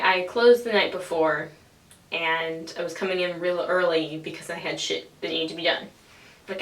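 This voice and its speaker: A woman's voice: on the low side, a bit bright. A woman in her twenties, a vlogger telling a casual story, swearing freely and acting out the people in it. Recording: echoey room, distant from the mic.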